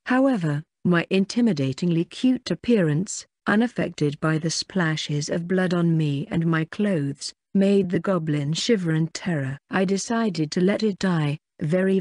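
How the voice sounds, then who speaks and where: Monotone synthetic narrator for a fantasy audiobook, level middle pitch, dry close sound. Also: no echo. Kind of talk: scripted first-person narration.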